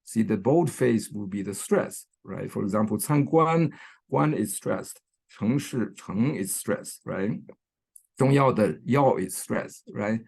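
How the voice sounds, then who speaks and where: A man's voice: fairly low pitch, expressive, unhurried, vocal fry, few pauses, mellow, breathy edge. A man giving an online academic lecture, with many fillers, restarts and "right?" checks, recorded over a computer microphone. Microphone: computer mic on a video call.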